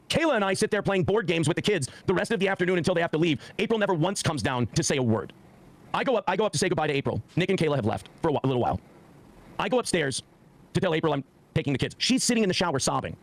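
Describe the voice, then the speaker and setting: A man's voice: fairly high pitch, expressive, very fast. A man in his forties telling a heated personal story on a podcast, swearing often and acting out what others said. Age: 40s. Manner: profane, heated, acts out quoted speech.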